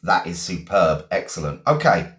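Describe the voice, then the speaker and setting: A man's voice: on the low side, animated, moderate pace, reverberant. A man teaching a live online English class, praising his students often.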